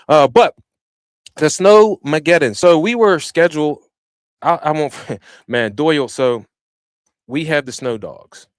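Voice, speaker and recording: A man hosting a lawn care business podcast, telling stories in an animated, casual way with lots of slang. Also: a little high, measured pace, pauses often, clean tone, dry recording, clean studio sound. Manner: animated storytelling with slang and shifts in loudness. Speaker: podcast host. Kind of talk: casual chat. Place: small home studio. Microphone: studio microphone he operates himself.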